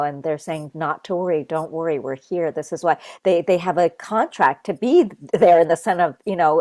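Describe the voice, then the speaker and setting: Guest: earnest woman from Japan, low-pitched, chatty and filler-heavy, dry close sound. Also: no room sound. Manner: earnest, loose, full of "like" and "you know". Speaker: interview guest. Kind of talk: casual spiritual conversation.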